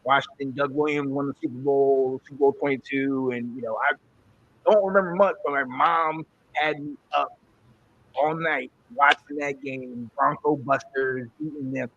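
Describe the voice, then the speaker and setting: A man in his forties from North Carolina, co-hosting a podcast, telling animated sports stories in a casual chat with frequent repeated words. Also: mid-range voice, normal speed, muffled recording. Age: 40s. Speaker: podcast co-host.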